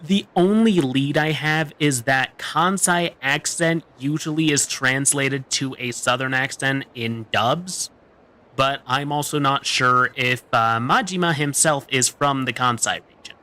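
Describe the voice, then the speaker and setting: A man's voice: mid-range voice, a little slow, pushed and bright. A man streaming a video game, chatting casually and joking as he plays. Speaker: VTuber streamer. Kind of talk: casual gameplay commentary.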